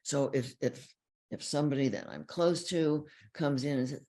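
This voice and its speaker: Woman counselor talking about feelings, husky breathy voice, calm and explaining things. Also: extremely low pitch, normal speed. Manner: calm, explanatory, repeats key phrases. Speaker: relationship counselor. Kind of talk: teaching talk on feelings.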